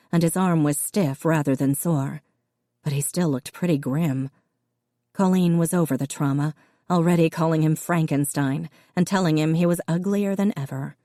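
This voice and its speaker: Low, dark-voiced woman narrating an audiobook. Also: no echo, clean studio sound. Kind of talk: scripted narration.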